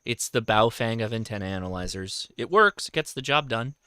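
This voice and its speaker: A man hosting a casual livestream, talking in a halting way and often correcting himself. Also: on the low side, animated, sharp tone, clean tone, no echo, studio quality. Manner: halting, self-correcting, reads viewer questions aloud. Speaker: host.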